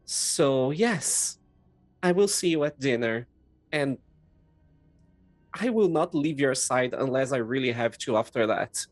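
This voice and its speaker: A woman's voice: rumbling low, lively intonation, slow pace, long pauses, no room sound, faint music behind, full character voice. A woman voicing a young nobleman who speaks sentimentally to his little sister. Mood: affectionate. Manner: warm-hearted, sentimental, earnest. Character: young nobleman lord, affectionate older brother.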